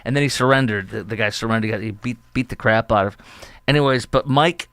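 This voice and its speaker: The podcast host, a middle-aged man from the Chicago area, talks fast at a medium pitch in a dry recording. Walking through news stories for his opinion monologue, he keeps things chatty and animated, acting out quotes along the way.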